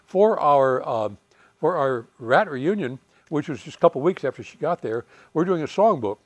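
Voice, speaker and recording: A man in his eighties, a retired fighter pilot telling lively war anecdotes, chuckling and acting out the voices of people he quotes. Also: on the high side, moderate pace, no room sound. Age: 80s. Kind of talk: storytelling anecdotes.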